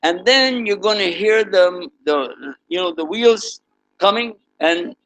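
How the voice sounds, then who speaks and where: A man's voice: sits high, slow, slight background noise, low-quality recording. A man preaching to students through an interactive story, leading them in sound effects and asking them questions. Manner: animated, leads the audience in sound effects; asks the audience questions. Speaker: Islamic preacher teaching students.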